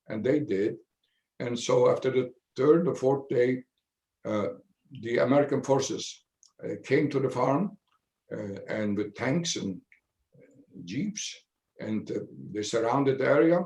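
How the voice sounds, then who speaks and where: Elderly man with a mother tongue, halting. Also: mid-range voice, a little mellow, reverberant. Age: 90s. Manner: halting, measured storytelling with many pauses. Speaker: Holocaust survivor speaking to students. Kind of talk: personal testimony in a video Q&A. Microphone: video call.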